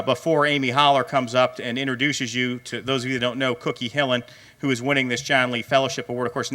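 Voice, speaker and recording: Man, middle-aged, awards emcee, rambling with fillers, crisp bright tone. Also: mid-range voice. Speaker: director of racing, emcee. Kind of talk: awards banquet speech.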